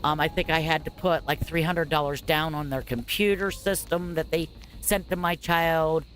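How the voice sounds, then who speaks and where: A little hiss or hum sits under this low-pitched, steady woman's voice, fairly bright and at normal speed. She's a parent in her forties telling her long personal story over gameplay, casually and candidly, wandering through asides, fillers and plenty of "blah, blah, blah."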